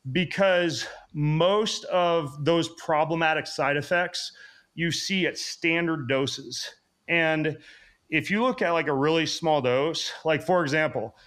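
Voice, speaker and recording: A man speaks as a guest on a podcast with a slightly high voice. He explains health habits at a quick clip, in a casual way full of fillers. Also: a bit bright. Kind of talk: casual interview chat.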